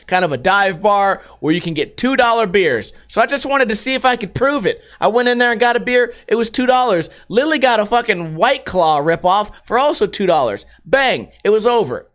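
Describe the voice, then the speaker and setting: Podcast host, male, high voice, casual and profane, acts out the voices in his anecdotes. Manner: profane, animated retelling with acted-out quotes. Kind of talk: casual storytelling and news commentary.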